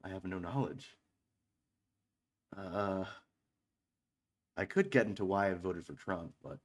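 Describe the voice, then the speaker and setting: A man in his thirties chats loosely between tracks as a stream's host, in a voice sitting a touch low. He rambles, restarts his sentences, swears freely and pokes fun at himself. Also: animated, takes it slowly, pauses often. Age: 30s. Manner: self-mocking, joking asides. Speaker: online radio stream host. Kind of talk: casual stream chatter between songs.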